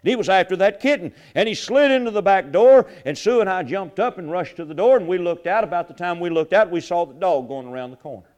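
A middle-aged man preaching a sermon, swinging from loud, fervent lines to hushed ones and repeating his phrases. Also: high-pitched, animated, quick pace, hardly any pauses, muffled recording. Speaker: pastor.

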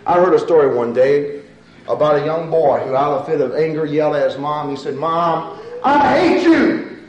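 A man's voice: steady tone, fairly quick, muffled recording. Dynamic preacher man, echoey room. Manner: swings between loud emphatic rises and quiet low asides. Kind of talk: sermon. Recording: echoey room with faint ambience.

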